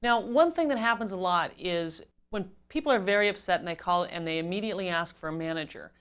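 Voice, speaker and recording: A woman giving an instructional talk on customer service as a trainer, measured and explanatory, stressing key words. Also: lowish voice, fairly bright tone.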